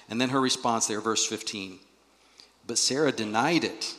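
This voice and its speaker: A male pastor preaching a sermon in a church, animated and acting out the voices he quotes. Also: medium pitch, normal speed. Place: church sanctuary. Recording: long reverb of a large hall.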